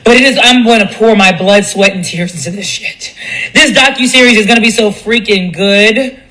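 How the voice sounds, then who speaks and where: Woman, blunt and profane live-stream ranter, bright tone. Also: mid-range voice, normal speed, poor audio. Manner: blunt, profane, animated, mimics others in quotes. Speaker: commentator speaking on a live stream. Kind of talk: candid monologue on a live stream.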